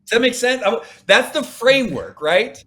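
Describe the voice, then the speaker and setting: A man's voice: very high voice, sing-song, moderate pace, a bit bright. A man speaking as a podcast guest, coaching with emphatic, repeated phrases. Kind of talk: podcast interview.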